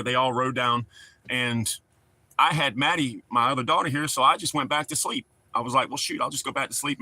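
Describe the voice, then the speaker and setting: A man's voice: medium pitch, pushed and bright, dry recording. A middle-aged man, chatting casually and rambling to his livestream viewers. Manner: rambling, folksy, talks to the chat. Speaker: livestream host.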